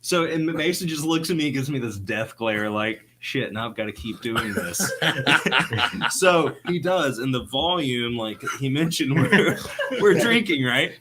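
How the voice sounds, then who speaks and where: A man's voice: medium pitch, expressive, unhurried, a crowd in the background. A man co-hosting a casual podcast, telling a story in a laid-back way. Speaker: podcast co-host.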